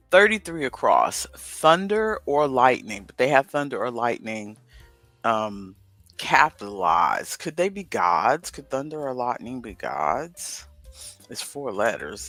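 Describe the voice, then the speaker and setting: Here a livestream co-host mutters his way through a crossword, rambling and thinking aloud. His mid-range voice is creaky, bright and forceful, and there's no room sound.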